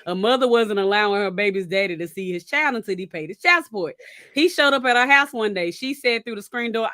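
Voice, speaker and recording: A woman's voice: mid-range voice, brisk, no echo, studio quality. A woman, co-hosting a podcast in casual chat, telling stories and acting out quotes with laughter. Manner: animated storyteller, acts out quotes with laughter. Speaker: podcast co-host.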